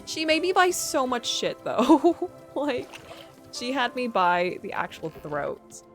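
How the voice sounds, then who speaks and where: A woman's voice: high-pitched, sing-song, takes it slowly, fairly bright tone. Chatty, giggly young woman streamer. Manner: chatty, giggly, swears casually. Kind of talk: casual game commentary. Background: faint game music.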